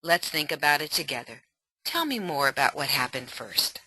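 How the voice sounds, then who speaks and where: A woman voicing the mother of a teenage girl, speaking softly and soothingly in a parenting role play. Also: medium pitch, animated, moderate pace, no echo, poor audio. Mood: empathetic. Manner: soft, soothing.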